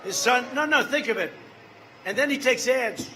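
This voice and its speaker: An older man in his seventies speaks at a campaign rally in a high, piercing voice. He rambles, circles back to repeat his points and tosses quick asides to the crowd. Faint ambient noise sits behind him. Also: expressive, sharp tone, rough recording. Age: 70s. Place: large rally venue.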